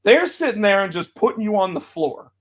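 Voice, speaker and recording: A man with a fairly high voice co-hosts a casual podcast and recaps wrestling storylines. He gets animated and acts out the quotes, jumping his voice up sharply. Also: brisk. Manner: animated, acts out quotes with big pitch jumps. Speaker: podcast co-host.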